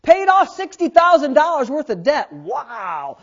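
A male pastor in his thirties preaches with a storyteller's energy. He drops to near-murmurs for asides, then jumps up loud and high while acting out the people in his stories. The recording sounds somewhat dull and lo-fi. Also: unhurried, few pauses. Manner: storytelling, animated swings from quiet asides to loud, laughing bursts. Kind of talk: sermon.

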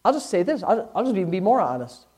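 A man who is a pastor, preaching a sermon to his congregation in church, candid and conversational, swinging from loud bursts to hushed asides. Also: high-pitched, big pitch swings, fast.

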